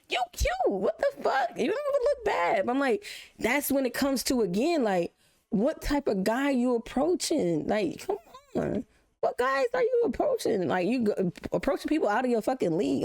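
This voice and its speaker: A woman live-streaming a reaction video, chatting casually and telling stories, swearing freely. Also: on the high side. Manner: profane, animated storytelling with laughs.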